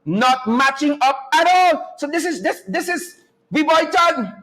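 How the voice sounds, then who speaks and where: High-voiced animated man. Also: a little slow, rough recording. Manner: animated, mocking, preacher-like cadence, laughs often. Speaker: talk show host. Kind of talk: live-stream commentary.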